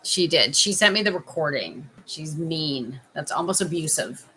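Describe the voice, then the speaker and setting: A Canadian woman in her thirties chats with viewers on a casual live stream from home. Her voice is bright and crisp, and she keeps up a teasing, joking tone and laughs often. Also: low voice, expressive, moderate pace. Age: 30s. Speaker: life coach hosting a live stream.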